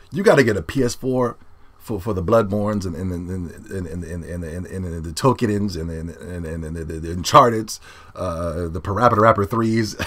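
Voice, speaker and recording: A young man ranting about video games as a YouTuber, brash, boastful and profane, swinging between loud yelling and low muttering. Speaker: gaming YouTuber.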